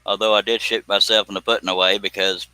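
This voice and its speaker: A man's voice: on the low side, little pitch movement, fast, bright, forceful tone, clean tone, no room sound, poor audio. A man hosting a woodworking live stream, chatting casually and joking as he rambles off topic. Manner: joking, rambling, slips into put-on voices. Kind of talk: casual live-stream chat while scroll sawing.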